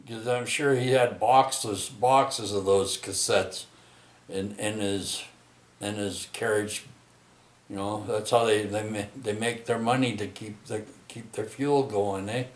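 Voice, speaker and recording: A middle-aged man tells a rambling story in a low voice, stopping and restarting his sentences and tacking "eh?" onto them. The voice carries a roomy echo. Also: fairly even intonation. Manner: rambling, halting, many restarts and tag questions. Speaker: vlogger telling a personal story.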